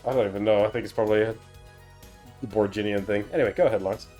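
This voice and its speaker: A man's voice: lowish voice, fairly even intonation, very fast, mellow, soft background music. A man chatting casually and amusedly with friends while voicing a game.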